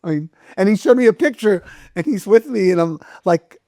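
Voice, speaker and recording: A man's voice: high-pitched, expressive, a little fast, warm tone, no room sound, studio quality. A middle-aged man, a restaurant owner, telling stories in a casual interview, acting out the voices of people he quotes and swearing freely. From United States.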